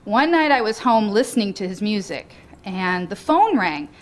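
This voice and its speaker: A woman's voice: medium pitch, very animated, normal speed. A woman reading her own memoir aloud to a live audience in a bookstore, often breaking into laughter between lines. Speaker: guest reader at a book reading.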